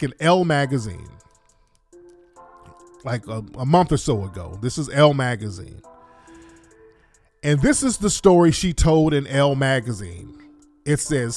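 A man hosting a commentary show, scornful and animated, drawing out and sing-songing his words. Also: medium pitch. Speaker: host.

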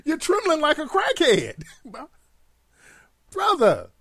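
A man's voice: very high-pitched, huge pitch swings, takes it slowly, fairly bright tone, no room sound, clean studio sound. A man giving comic reaction commentary in a profane, mocking, incredulous way.

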